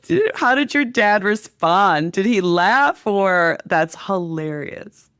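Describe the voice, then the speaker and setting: A woman's voice: mid-range voice, animated, takes it slowly, a bit bright, smooth, no room sound, clean studio sound. A woman hosting a podcast interview, reacting readily and laughing easily. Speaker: podcast host. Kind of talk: casual conversational interview.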